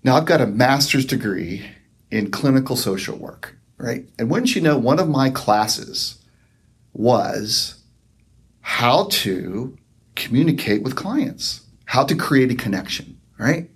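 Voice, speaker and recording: A middle-aged man, a psychotherapist, talking in a slow, reflective way and checking in often with "right?". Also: medium pitch, lively intonation, husky. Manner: slow, reflective, warm storytelling with frequent "right?" and "um". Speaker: psychotherapist guest. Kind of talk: conversational podcast interview.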